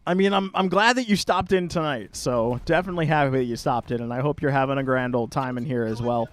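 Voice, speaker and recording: A man from Long Island with a Long Island New York accent, hosting a live gameplay stream in casual commentary, chatty and quick to laugh and swear. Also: medium pitch. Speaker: game streamer host.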